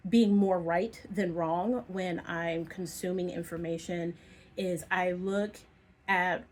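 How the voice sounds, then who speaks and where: Young woman, lowish voice, casual monologue, thinks aloud with frequent ums and restarts. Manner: thoughtful, rambling with many ums and restarts. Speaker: video essayist.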